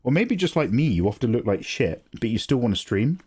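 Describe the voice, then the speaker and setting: A man in his forties chatting casually on a live drawing stream, animated and self-deprecating, swearing freely. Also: fairly quick, husky. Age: 40s. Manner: mocks others with squeaky high voices. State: tearing up, emotional. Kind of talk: casual livestream chat. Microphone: desk mic, no camera.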